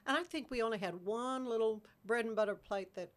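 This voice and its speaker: A woman's voice: on the high side, a little fast, crowd noise. A woman in her sixties, the host of a talk show, chatting casually and telling stories with easy laughs. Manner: chatty storyteller, laughs easily. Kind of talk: casual chat.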